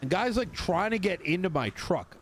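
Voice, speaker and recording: A man's voice: high-pitched, animated, moderate pace, a bit bright, a little hiss or hum. A man in a role-play game telling a story in character as a mechanic, acting out other people's lines and swearing casually. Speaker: mechanic and tow driver in a role-play server.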